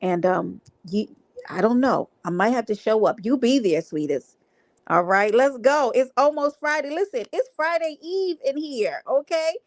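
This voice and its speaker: A woman's voice: a little high, lively intonation, normal speed, no echo. A woman hosting a livestream, talking to her chat in a brash, playful way with plenty of profanity. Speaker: livestream host.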